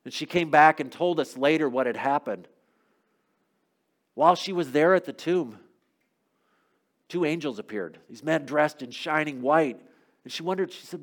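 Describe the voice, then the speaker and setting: A man preaching a sermon as a first-person dramatic monologue, telling the story and swinging from loud to hushed. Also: fairly high pitch, lively intonation, moderate pace.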